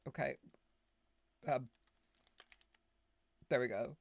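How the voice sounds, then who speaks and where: A man's voice: medium pitch, drawn-out words, vocal fry, no room sound. A man from Ireland, chatting casually and rambling as he streams a game, swearing and laughing often. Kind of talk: casual livestream chat.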